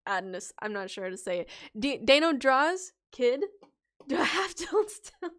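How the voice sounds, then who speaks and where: High-voiced giggly woman reading names. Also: big pitch swings, unhurried, a bit bright. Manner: giggly, distracted, stumbles over names while scrolling chat. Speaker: livestream host and storytelling bard. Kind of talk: casual livestream chat, reading viewer names aloud.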